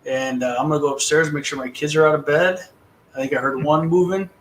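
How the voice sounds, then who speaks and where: A man's voice: a little high, fairly even intonation, quick pace, slight background noise, low-quality recording. A man hosting a casual live-stream chat, laid-back and rambling with fillers. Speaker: host.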